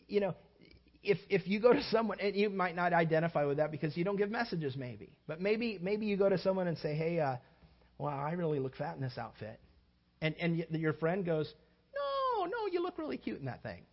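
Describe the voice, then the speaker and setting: A man's voice: a little high, a little fast, muffled recording. A male pastor preaching a sermon, acting out everyday scenes with playful shifting voices. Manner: animated, acts out little scenes with shifting voices.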